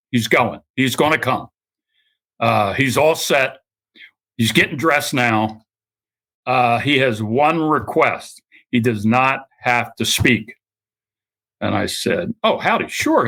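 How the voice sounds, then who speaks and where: Older male guest storyteller; bright, animated delivery with quoted voices. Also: medium pitch. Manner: anecdotal, acts out quoted voices, laughs often. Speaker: guest author. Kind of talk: storytelling interview.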